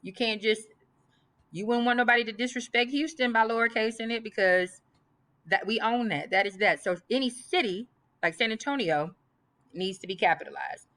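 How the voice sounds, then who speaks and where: A woman's voice: a little high, normal speed, fairly bright tone. A woman teaching a grammar lesson, emphatic and reading example sentences aloud. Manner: emphatic, repeats list items aloud.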